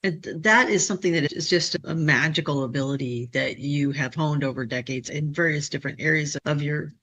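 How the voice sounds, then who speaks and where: A woman's voice: low-pitched, a little fast, fairly bright tone. A woman hosting an interview who asks long, rambling questions full of fillers and restarts. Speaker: podcast host. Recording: dull, lo-fi sound.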